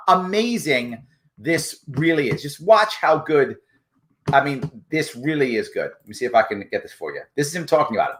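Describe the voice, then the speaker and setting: A man's voice: a little high, very animated, brisk, a bit bright. A man hosting a live show, mocking a politician's clip with sarcastic running commentary. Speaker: show host.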